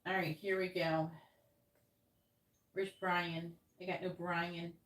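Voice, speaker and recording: A woman's voice: lowish voice, flat delivery, takes it slowly, a bit bright. A woman from New York hosting a livestream as a tarot reader, chatting casually and rambling, often laughing. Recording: roomy sound, distant from the mic.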